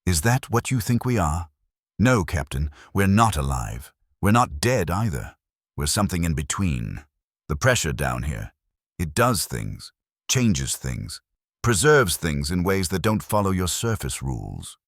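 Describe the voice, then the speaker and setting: A man voicing a polished, courteous ghost captain of an eighteenth-century British warship who is quietly menacing, in a scripted horror story. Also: low-pitched, big pitch swings, a little slow, no room sound, clean studio sound, exaggerated voice. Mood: silky menace.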